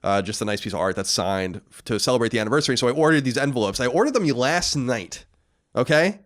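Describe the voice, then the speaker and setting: A man's voice: mid-range voice, animated, fast, fairly bright tone. A man co-hosting a casual podcast, reading out news and joking loosely with his co-host.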